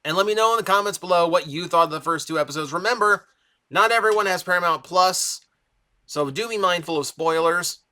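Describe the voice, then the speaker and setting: A young man reviews a cartoon in an eager, rambling way, his voice slightly raised and bright. It sounds a little strained from a long stretch of talking. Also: high-pitched, a little fast. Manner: enthusiastic, rambling with fillers. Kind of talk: casual review commentary.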